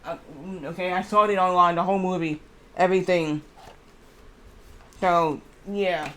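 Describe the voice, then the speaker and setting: A man streaming live, chatting casually and reading aloud haltingly with lots of fillers. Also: sits high, little pitch movement, pushed and bright. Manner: rambling, reads aloud haltingly with many fillers.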